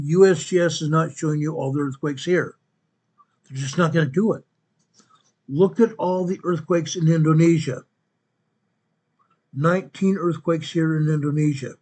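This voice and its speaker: A man's voice: on the high side, a little mellow, husky. A man hosting an earthquake report over a map, repeating each figure and correcting himself as he goes. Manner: repetitive, restates each quake figure; corrects himself mid-sentence. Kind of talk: narrating a map-based earthquake update.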